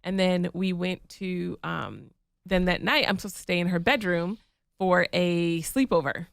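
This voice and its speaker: Gravelly-voiced woman telling a story. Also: fairly low pitch, measured pace, no echo, clean studio sound. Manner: lively storytelling, acts out quoted lines. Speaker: podcast co-host. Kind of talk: casual chat.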